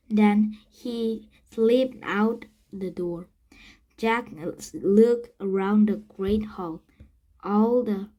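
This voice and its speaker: Slow, halting woman reading a storybook aloud. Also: medium pitch, warm tone, low-quality recording. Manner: halting, self-correcting reading. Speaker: reader. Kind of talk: reading a children's book aloud.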